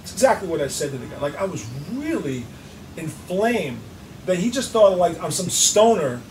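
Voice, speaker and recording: A man telling an animated, profane story in an interview, acting out both sides of phone calls. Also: high voice, moderate pace. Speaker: guest musician. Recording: roomy echo, distant mic, clear background noise.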